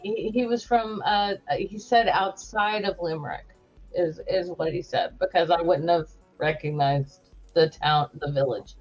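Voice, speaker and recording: Woman, animated crude storyteller, mid pitch, muffled lo-fi call audio. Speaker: guest teacher. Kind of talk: casual group video chat. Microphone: video call.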